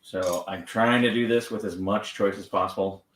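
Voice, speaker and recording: A man training a dog on camera, gently encouraging it and explaining each step. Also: low-pitched, steady tone, moderate pace, far from the mic. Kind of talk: live training demonstration with explanation. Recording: echoey room, off-mic, faint noise.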